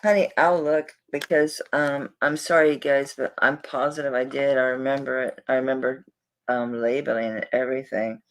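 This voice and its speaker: A woman's voice: a bass voice, steady tone, moderate pace. A woman selling jewelry on a live stream, chatting to viewers in a flustered, rambling way while she searches through orders.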